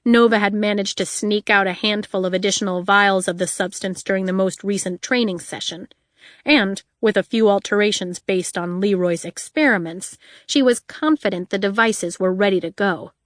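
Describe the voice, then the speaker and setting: This audiobook narrator, a woman with a mid-range voice, tells the story in a measured, even manner. The studio sound is clean, with no echo.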